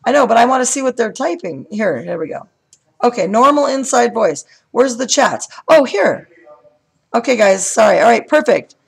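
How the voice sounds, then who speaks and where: Excitable high-voiced woman with gravelly tone. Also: moderate pace, low-quality recording. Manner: excitable, chatty, asks lots of questions. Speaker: coloring channel host. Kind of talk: chatty live stream setup. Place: home room with bright lights.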